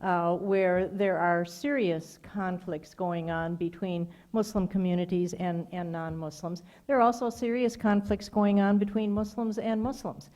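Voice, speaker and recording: An older woman answering audience questions after a lecture, measured and thoughtful, with frequent pauses. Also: fairly low pitch, level tone, darkish tone. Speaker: guest speaker answering questions.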